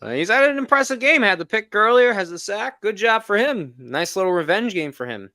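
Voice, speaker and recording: A man's voice: high-pitched, lively intonation, brisk, pushed and bright, dry recording. A man co-hosting a fan football stream, joking and teasing his co-hosts between plays. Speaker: co-host, color commentator. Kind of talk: livestream banter and commentary.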